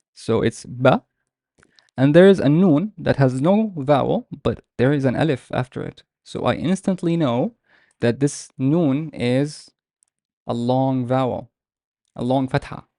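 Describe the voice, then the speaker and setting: A man teaching a live online class, explaining patiently and step by step with many pauses. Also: medium pitch, gravelly, warm tone, no room sound, studio quality. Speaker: Arabic teacher.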